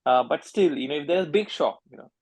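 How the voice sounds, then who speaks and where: A man asking a question in an online session, hesitant, with many pauses and restarts. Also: a little high, expressive, a little mellow, husky, no room sound. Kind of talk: casual question in a webinar.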